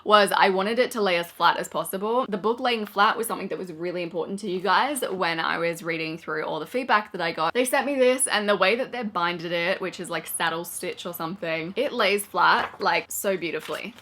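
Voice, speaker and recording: A woman vlogger talking casually to camera, excited and chatty, rambling with lots of fillers. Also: on the low side, a little fast, hardly any pauses.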